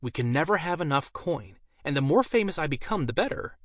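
A man's voice: fairly high pitch, expressive, a little fast, dry recording, pitched above the performer's own voice, natural voice. A man plays a vain trickster mage with a raised, declaiming voice, full of showy self-importance. The sound is close and dry. It belongs in a fantasy storybook. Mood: self-assured. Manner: grand, theatrical declaiming.

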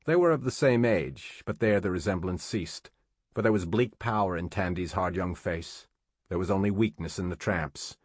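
A man narrating an audiobook in a steady, measured storytelling manner. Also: deep voice, husky, no room sound.

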